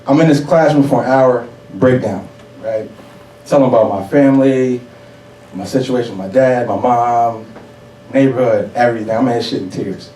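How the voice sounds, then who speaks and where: A young man from New York City telling a personal story on stage, profane and animated. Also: medium pitch, heavy background noise. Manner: profane, animated, laughing audience reactions. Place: stage before a live audience. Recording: roomy hall, mic at a distance. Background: audience laughter.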